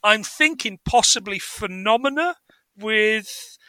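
A man co-hosting a film podcast, animated and jokey in casual chat. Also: high voice, slow pace, no echo. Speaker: podcast co-host.

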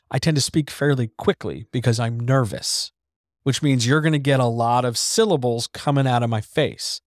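A man's voice: mid-range voice, dry recording, studio quality. A man hosting a casual writing podcast, candid and swearing freely, dragging his S's and hitting his D's and T's hard. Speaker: podcast host. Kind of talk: casual instructional chat about writing. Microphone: studio microphone.

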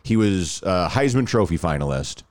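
Animated storytelling man, casual chat. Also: low-pitched, normal speed.

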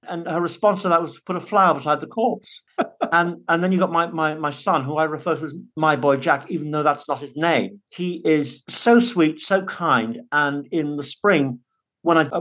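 A man's voice: on the high side, fairly bright tone. A man speaking as a guest in a conversational interview, earnest and emphatic, often restarting his words. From United Kingdom. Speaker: podcast guest, father.

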